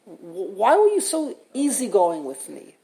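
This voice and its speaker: A woman's voice: mid-range voice, huge pitch swings, unhurried, dark tone. A woman voicing a humble male yeshiva teacher who speaks sincerely and apologetically, told within a spoken lesson. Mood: wondering. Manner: apologetic and earnest.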